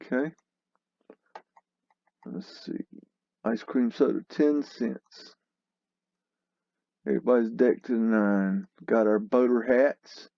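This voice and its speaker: A man's voice: medium pitch, steady tone, measured pace, creaky, dry recording, dull audio. A man hosting a casual commentary over old photos, scoffing and exclamatory, with a mocking edge. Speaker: host.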